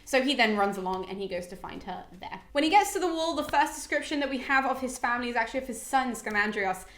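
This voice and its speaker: A woman's voice: fairly high pitch, lively intonation, quick pace, fairly bright tone. A young woman hosting a classics channel, summarizing an epic in a chatty, irreverent way with casual swearing. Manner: chatty and irreverent, swears, voices characters in quotes. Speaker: classics video host. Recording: echoey room.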